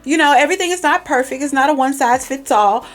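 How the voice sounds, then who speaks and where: Female podcast host, emphatic and direct, slightly high voice, faint music bed. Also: fast. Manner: direct, emphatic, repeats herself for stress. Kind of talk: casual parenting advice monologue. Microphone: recorded for podcast and video, facing camera.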